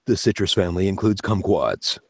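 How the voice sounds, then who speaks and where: A man putting on a grand, solemn movie-trailer announcer voice, slow, drawn-out and dramatic, from a dry-sounding room. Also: low-pitched, lively intonation, husky, no room sound, heavily acted. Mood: grandiose.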